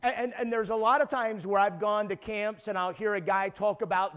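Brief: man around 60, preacher, high-pitched, stammering repeats, builds to shouts. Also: steady tone, a little fast, few pauses, clear, resonant tone. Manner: emphatic, repeats words, rises to shouting peaks. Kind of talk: sermon.

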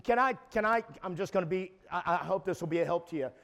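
Brief: man around 60, preacher, high-pitched, stammering repeats, builds to shouts. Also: quick pace, creaky. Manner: emphatic, repeats words, rises to shouting peaks. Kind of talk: sermon.

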